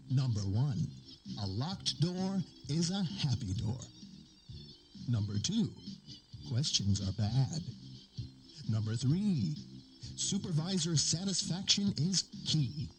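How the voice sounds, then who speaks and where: A man plays a relentlessly cheerful corporate orientation narrator, pitching grim work like a holiday ad. His voice sits high and swings lively up and down. Loud music plays under him. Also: poor audio. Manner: upbeat sales-pitch delivery with dark jokes. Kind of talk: scripted promo narration.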